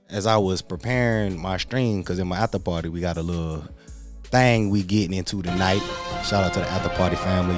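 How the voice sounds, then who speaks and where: Laid-back man hosting a slangy livestream. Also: low-pitched. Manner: laid-back slangy talk, greets viewers by name. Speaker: livestream host. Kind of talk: casual livestream chat.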